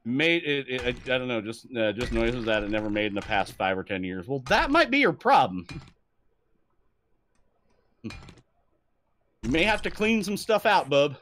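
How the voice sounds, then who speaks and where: Man, young adult, live-stream chat, lively swearing storyteller, lively pitch, faint background noise. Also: moderate pace, long pauses. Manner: swears freely, animated storytelling, laughs often.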